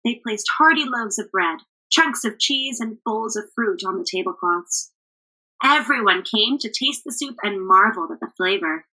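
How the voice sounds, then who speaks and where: A woman teacher reading a picture book aloud to children in a clear, expressive storytelling manner. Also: mid-range voice, moderate pace, low-quality recording.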